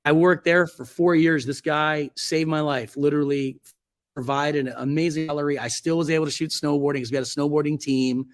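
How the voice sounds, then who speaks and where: A man's voice: fairly even intonation, fairly quick. A man in his forties, a photographer being interviewed, telling stories in a loose, rambling way full of fillers and self-corrections. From Virginia Beach, United States. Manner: acts out quoted speech in a much higher voice. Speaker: guest photographer. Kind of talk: casual interview storytelling.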